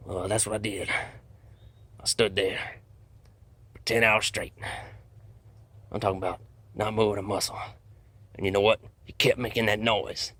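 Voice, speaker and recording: A man's voice: on the low side, steady tone, moderate pace, pauses often, a bit bright, dry recording. A man telling a rambling comic survival story in a folksy, drawling storytelling manner. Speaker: comedic bushman storyteller. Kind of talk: deadpan comedic monologue.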